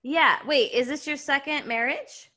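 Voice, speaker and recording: Woman, Southern US accent, 40s, podcast co-host, chatty, higher-pitched. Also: unhurried, sharp tone. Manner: chatty, laughs easily, swears casually. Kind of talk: casual chat.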